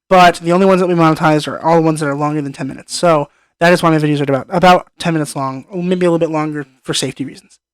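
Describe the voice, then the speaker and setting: A man's voice: on the high side, a bit bright, no room sound. Enthusiastic rambling young man. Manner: enthusiastic, rambling, repeats words. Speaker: film review vlogger. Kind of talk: casual film review monologue.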